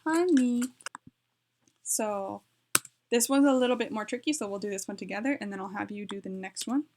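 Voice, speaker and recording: A woman walks through a beginner lesson at home in a loose, chatty way. She corrects herself mid-sentence as she types, and her voice sits at an ordinary middle pitch. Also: brisk, darkish tone. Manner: chatty, self-correcting, talks while typing. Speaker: language learning vlogger. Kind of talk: casual tutorial. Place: home, with her dog nearby.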